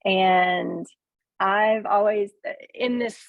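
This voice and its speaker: Slow Southern woman on a tinny line. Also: mid-range voice, fairly even intonation, gravelly, no echo. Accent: Southern US (Northeast Tennessee). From Northeast Tennessee. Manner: hesitant, lots of ums, self-deprecating laughs. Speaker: farmer, coaching student. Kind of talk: casual testimonial on a video call.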